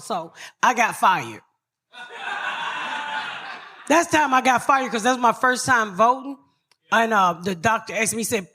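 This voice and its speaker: A woman's voice: a little high, lively intonation, moderate pace, pushed and bright. A woman podcast host telling profane comic stories on a live stage, brash and blunt, laughing through her tales.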